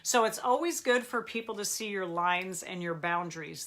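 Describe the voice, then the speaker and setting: A woman's voice: mid-range voice, moderate pace, hardly any pauses, a bit bright. A woman therapist hosting a live question-and-answer talk, speaking in a firm, earnest, intense public-speaking manner. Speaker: therapist and show host.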